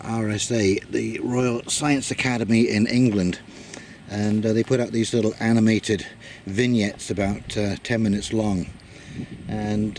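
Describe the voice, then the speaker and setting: A man casually talking through his garden work outdoors, pausing often with filler words as he explains. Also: lowish voice, a little hiss or hum. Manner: rambling, many "uh" pauses, relaxed storytelling. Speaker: gardening vlogger.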